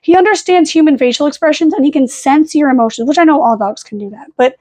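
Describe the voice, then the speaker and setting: High-voiced young woman rambling late at night. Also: fast, hardly any pauses, darkish tone, dry recording. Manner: rambling, swears casually, coos at her dogs. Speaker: vlogger. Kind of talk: casual late-night vlog chat. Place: home at night. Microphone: camera on a fixed stand.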